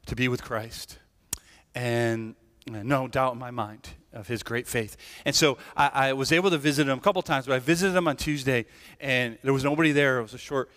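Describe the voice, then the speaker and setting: A male pastor of Irish family background preaches casually in a church sanctuary, his mid-range, fairly bright voice ringing through the hall's long reverb. He keeps checking in with "right?" and often restarts his sentences.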